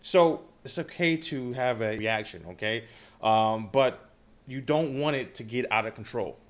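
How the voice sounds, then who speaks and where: A man's voice: medium pitch, unhurried. A man talks casually to his viewers about trading, with a plain voice in the middle range. He keeps checking in with little questions as he goes. His talk is loose and unscripted. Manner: conversational, frequent filler questions like "okay?" and "right?". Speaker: trading channel host.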